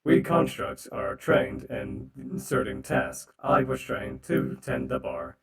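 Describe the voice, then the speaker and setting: A man's voice: on the low side, sing-song, slow pace, vocal fry, exaggerated voice. A man voicing a stiff, overly literal male rock construct bartender through a robot voice filter, speaking formally.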